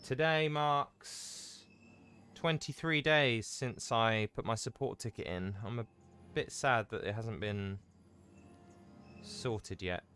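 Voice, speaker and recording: A man's voice: mid-range voice, takes it slowly, long pauses, a bit bright, a little hiss or hum. A man streaming a game, chatting casually with viewers in a self-mocking way and swearing freely. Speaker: gaming streamer. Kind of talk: casual live-stream chat.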